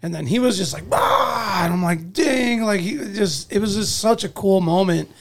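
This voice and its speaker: A man telling a hunting story in casual chat, animated, acting out moments with loud and hushed swings. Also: high voice, normal speed, creaky.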